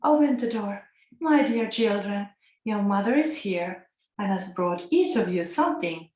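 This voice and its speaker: A sly, scheming wolf from a fairy tale, read out by a woman with a Finnish accent and an Italian lilt. The reading is plain and mid-pitched, with echo from the room around her. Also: lively intonation, measured pace, a little mellow, natural voice. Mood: coaxing. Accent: Finnish with Italian tinge. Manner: read aloud plainly from a storybook. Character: sly male wolf in disguise. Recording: echoey room.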